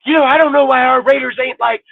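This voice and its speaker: A man putting on a high, mocking voice to play a clueless, rambling football fan, heard over a tinny phone-like line. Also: steady tone, fast talker, gravelly, no echo, heavily acted.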